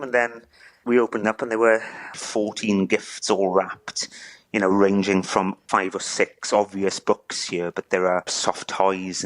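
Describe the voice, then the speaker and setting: A middle-aged man from Wales, interviewed, telling a touching story haltingly and repeating words as he chokes up. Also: on the low side, fairly bright tone. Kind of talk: emotional interview.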